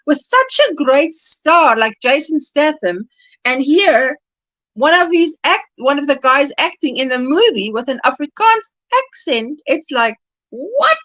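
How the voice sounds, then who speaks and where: A woman's voice: high voice, a bit bright, dry recording, highs cut off. A woman from South Africa hosting a casual crochet livestream, chatty and affectionate, laughing often and calling viewers sweetheart. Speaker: livestream host.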